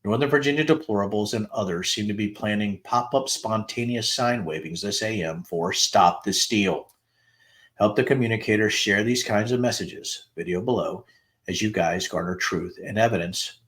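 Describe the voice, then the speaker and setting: A middle-aged man with a lowish voice reads text messages aloud on his show, stating each date plainly before rising into the quoted lines. He drops in the odd dry aside between messages. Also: normal speed, fairly bright tone. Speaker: podcast host reading text messages aloud. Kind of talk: dramatic reading of texts with asides.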